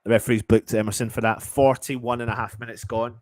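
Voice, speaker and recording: Excitable fan commentating a match. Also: male voice, medium pitch, a little fast, no room sound. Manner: excitable, swears, swings from muttering to shouting. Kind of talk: partisan live match commentary.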